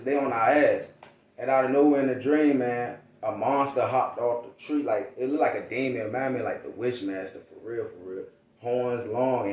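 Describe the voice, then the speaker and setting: A man's voice: medium pitch, darkish tone. A man who raps, from Virginia, telling stories in a casual, slangy way and acting out the voices of people he quotes. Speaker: rapper. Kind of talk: casual storytelling interview. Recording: roomy echo, distant mic.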